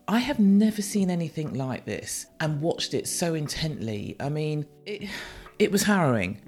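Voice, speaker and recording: A woman's voice: low voice, warm tone. A woman from the UK, hosting a solo podcast and speaking frankly and emotionally, swearing freely. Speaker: podcast host.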